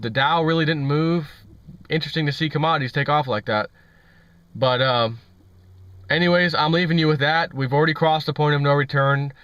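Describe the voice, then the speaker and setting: A man's voice: fairly high pitch, fairly bright tone, dry recording. A man hosting an opinionated financial commentary vlog, ranting and repeating himself with scorn. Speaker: vlog host. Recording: dull lo-fi audio.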